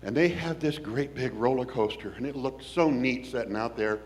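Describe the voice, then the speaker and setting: A man from Washington State, telling a personal story in an animated, folksy, wry way. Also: mid-range voice, normal speed.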